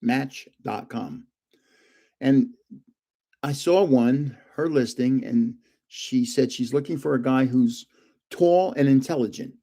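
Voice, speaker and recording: A man's voice: medium pitch, unhurried, warm tone. An older man hosting a casual livestream from home, rambling through anecdotes and chuckling often. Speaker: livestream host.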